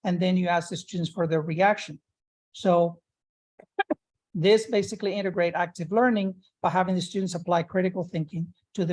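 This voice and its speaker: Man giving a measured academic lecture. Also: sits high. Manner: measured and explanatory, frequent fillers and restarts. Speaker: professor presenting at a conference.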